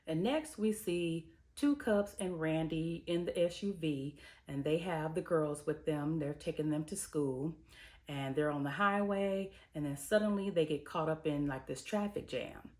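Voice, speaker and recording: Deep-voiced and unhurried, a woman TV reviewer and host gives a casual, slangy rundown of an episode. She tells it like a story, lively throughout, and slips into character voices to act out what people said.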